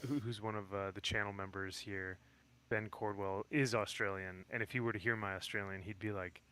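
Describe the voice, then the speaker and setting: A man's voice: lowish voice, steady tone, a little fast, bright, forceful tone. A man guest on a livestream, talking in an easygoing, rambling way with chuckles. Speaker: guest streamer. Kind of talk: casual chat on a livestream.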